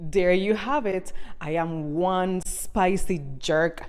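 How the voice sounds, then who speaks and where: A woman's voice: lowish voice, takes it slowly, smooth. Cuban woman speaking patois-laced English. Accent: Cuban Spanish mixed with Jamaican patois. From Cuba. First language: Spanish. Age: 40s. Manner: animated, emphatic, switches between patois and English. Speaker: social media creator. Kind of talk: casual vlog to camera.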